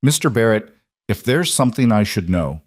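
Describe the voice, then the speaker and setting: A man's voice: lowish voice, big pitch swings, moderate pace, no room sound, clean studio sound. A man voicing an earnest frontier widow. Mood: worried. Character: worried, grateful frontier widow mother.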